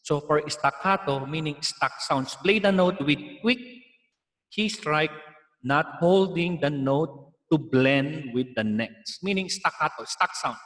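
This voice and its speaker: A man with a Filipino accent gives an online music theory lesson, explaining each point patiently. His voice sits fairly high for a man. The recording carries a long, lingering reverb. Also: fairly bright tone. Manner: explaining patiently, mixing in Tagalog asides. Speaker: music teacher.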